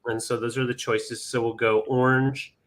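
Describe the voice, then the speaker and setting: A man's voice: medium pitch, flat delivery, moderate pace, fairly bright tone. A man hosting a live vintage sale stream, chatting casually with many ums and counting down bids.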